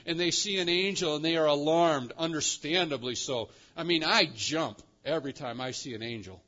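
A man preaching a sermon with dramatic emphasis, slowing down and rising in pitch to stress key words. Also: bright, forceful tone, lo-fi sound. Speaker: pastor.

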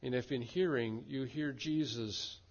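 A man preaching a sermon and leading a prayer, with slow, measured delivery and repeated refrains. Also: medium pitch, dull audio. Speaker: pastor.

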